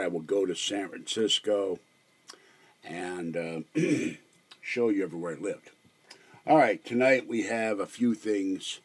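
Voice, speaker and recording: A man in his sixties with a Pittsburgh accent, talking in a halting, meandering way with many fillers as he rambles through a home vlog. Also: low voice. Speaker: vlogger.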